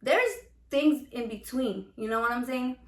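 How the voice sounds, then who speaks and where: A woman's voice: a little high, unhurried. A Mexican American woman with a Chicano English accent, hosting a casual cooking vlog in a brash, profane, playful way. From United States, Mexican American. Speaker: home cook and salsa seller. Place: home kitchen. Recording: echoey room.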